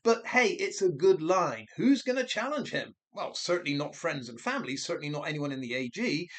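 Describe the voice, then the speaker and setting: A man with a somewhat high voice delivers a one-man commentary. He sounds mocking and sarcastic, firing rhetorical questions. He often stops and corrects himself mid-sentence. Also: very animated, fairly quick. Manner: rambling with frequent self-corrections. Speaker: commentary channel host. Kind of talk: monologue commentary.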